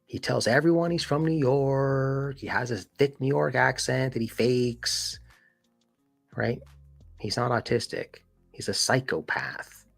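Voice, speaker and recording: Husky casual man, emphatic chat. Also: mid-range voice, measured pace, soft background music. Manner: animated, emphatic, heavy use of "like" and "dude". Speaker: podcast host.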